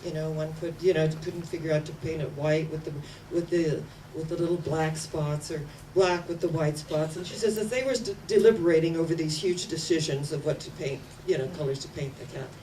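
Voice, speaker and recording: A woman's voice: low voice, a little fast, mellow. A woman in her sixties, a minister, preaching a sermon from a platform, emphatic and repeating words for effect. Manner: emphatic, repeating words with rising and falling intensity. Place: church platform. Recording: distant mic with faint room noise.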